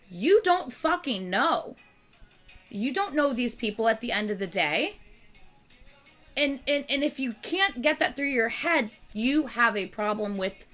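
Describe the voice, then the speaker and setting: A woman hosting her channel, chatting casually with viewers in an animated, exasperated rant. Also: fairly high pitch. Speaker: channel host.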